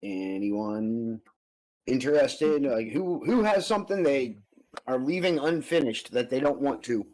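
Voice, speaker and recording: A man's voice: medium pitch, animated, measured pace, a little mellow, rough recording. A man acting as game master for an online tabletop game, talking in an easygoing, chatty way and laughing often.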